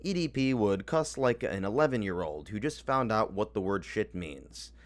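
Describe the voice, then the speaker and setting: A man narrating a scripted commentary in a deadpan, mocking tone full of dry sarcasm. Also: on the low side, moderate pace.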